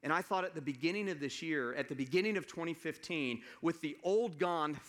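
A pastor from the American South preaching a sermon, telling a personal story in a relaxed, conversational way with halting restarts and asides to the congregation. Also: male voice, fairly high pitch.

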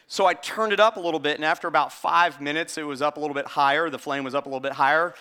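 A middle-aged pastor giving a sermon, chatty and storytelling, with frequent restarts. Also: male voice, on the high side, clean tone. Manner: hushed, slow prayer voice.

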